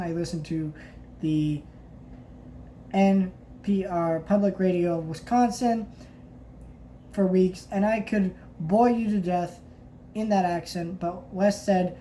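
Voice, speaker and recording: A woman's voice: lowish voice, mellow, a little hiss or hum. A woman casually reviewing a book, reading passages aloud and commenting, often stopping to restart her sentences. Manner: halting, many restarts and fillers.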